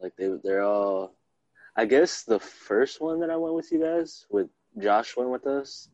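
A man co-hosting a casual podcast, relaxed and rambling, laughing often. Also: mid-range voice, a little slow, no room sound. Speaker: podcast co-host. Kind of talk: casual chat. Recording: dull, slightly lo-fi sound.

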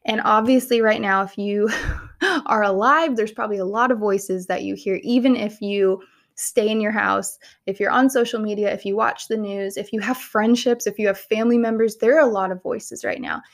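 A woman's voice: mid-range voice, normal speed. Earnest young woman podcast host. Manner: earnest, heartfelt and conversational. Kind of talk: casual faith-based podcast talk.

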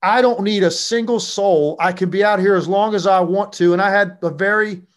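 A former basketball player from Virginia tells stories in a casual interview, animated and heavy on fillers. His voice is high and his speed normal.

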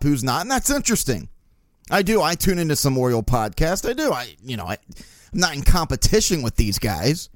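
A man hosting a podcast, telling stories in a casual, profane, animated way. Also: on the high side, no echo, clean studio sound. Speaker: podcast host. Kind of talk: casual monologue.

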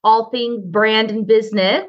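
A woman's voice: fairly high pitch, steady tone, measured pace. A woman guest in an interview, chatty and self-deprecating as she tells her story. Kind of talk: casual interview talk. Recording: dull lo-fi audio.

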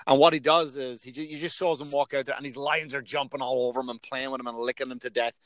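A man in casual conversation, talking in a loud, animated way, swearing freely and acting out sudden outbursts. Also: mid-range voice, fast, no echo. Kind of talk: casual profane chat.

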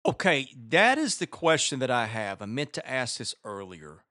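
A man hosting a radio show, reading listener questions in a plain, measured way. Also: medium pitch, very animated, sharp tone, no echo, clean studio sound. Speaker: radio host. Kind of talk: radio interview.

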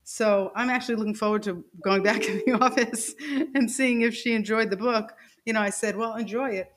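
Animated woman telling a personal story. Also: a little high, brisk, noisy background. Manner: animated, laughing storyteller who acts out quoted dialogue. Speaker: podcast guest.

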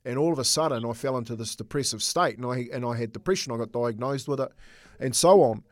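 Casting note: middle-aged man, earnest storyteller, mid pitch, dry booth sound. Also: fast talker, dry recording. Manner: earnest, storytelling, repeats words while thinking. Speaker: former rugby league coach, co-host. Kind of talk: casual sports chat.

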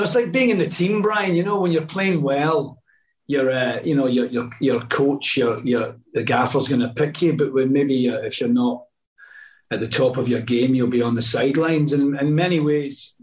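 A middle-aged man, a guest actor telling rambling stories in casual chat, full of restarts and asides. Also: medium pitch. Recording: voice a bit distant from the mic.

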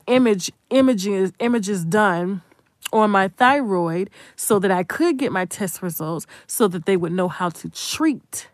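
A woman's voice: medium pitch, no room sound, studio quality. A young adult woman content creator giving a blunt, profane, emphatic commentary rant.

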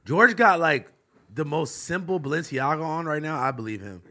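Animated, bright-voiced young man. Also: a little high, normal speed. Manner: loud, animated, quotes others in put-on voices. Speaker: podcast co-host. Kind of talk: casual chat.

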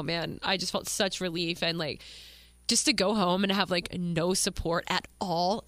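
A woman's voice: medium pitch, fairly bright tone, dry recording. A young woman hosting a podcast, telling an emotional personal story candidly, with many fillers and some swearing. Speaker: podcast host.

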